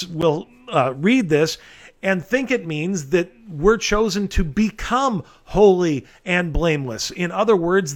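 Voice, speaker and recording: A man's voice: high voice, a bit bright. A man preaching an expository sermon, earnest and emphatic, with folksy asides to his listeners.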